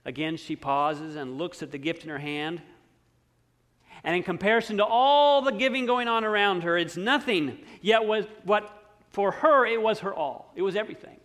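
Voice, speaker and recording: A man preaching a sermon, slow and emphatic, dropping to near-quiet on key words. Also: sits high. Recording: long hall reverb.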